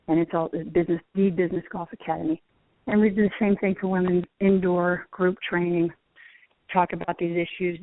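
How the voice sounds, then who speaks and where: A woman's voice: lowish voice, no echo. A middle-aged woman, once a tour golfer and now a teacher, talks over a tinny, dry phone line. She tells her stories with lots of energy and breaks into laughter often. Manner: lively, laughing while telling stories. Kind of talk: phone interview storytelling. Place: outdoors at a driving range.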